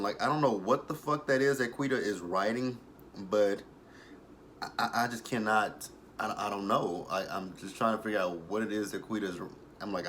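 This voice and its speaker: A young adult man giving a casual, profane recap of a TV episode. He tells it as an animated story and breaks into laughter often. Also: fairly low pitch, moderate pace, a little hiss or hum. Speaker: TV episode reviewer.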